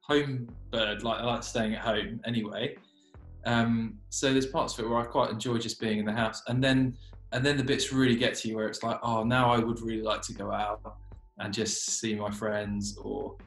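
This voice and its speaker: A man's voice: fairly low pitch, steady tone, normal speed, soft background music. A man who is a youth worker and father, chatting in a light-hearted, playful way. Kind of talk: casual conversation. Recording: echoey room.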